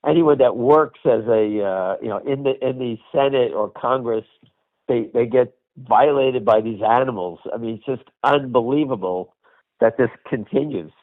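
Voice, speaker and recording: An older man hosting a conference call, ranting angrily and bluntly with heavy swearing, with a cough. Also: medium pitch. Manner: angry, profane, blunt. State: has a cough. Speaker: host. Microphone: phone call. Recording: tinny phone line.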